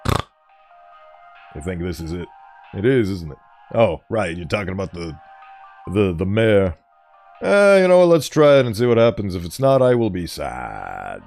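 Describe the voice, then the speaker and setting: A man's voice: sits low, big pitch swings, unhurried, vocal fry, pauses often, a little mellow, soft background music. A man streaming a game, chatting playfully with viewers and laughing often. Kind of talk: casual gameplay commentary.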